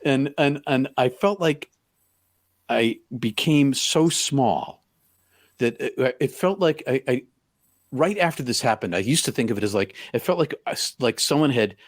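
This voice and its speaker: A middle-aged man recounts a personal story in a halting way, full of stops and restarts. His voice sits at a medium pitch. It is recorded dry, with little room sound. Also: expressive, no room sound. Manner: halting, full of restarts, acts out quoted lines loudly. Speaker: podcast guest.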